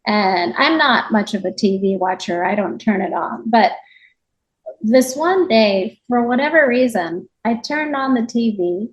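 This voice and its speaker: A woman guest in an interview, telling her story in a reflective, animated way. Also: mid-range voice, rough recording. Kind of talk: conversational interview.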